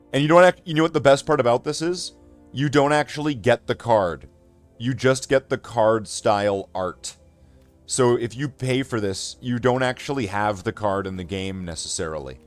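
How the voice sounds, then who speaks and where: A man streaming a card game, rambling and talking himself in circles, often trailing off into low mutters. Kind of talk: casual gameplay commentary.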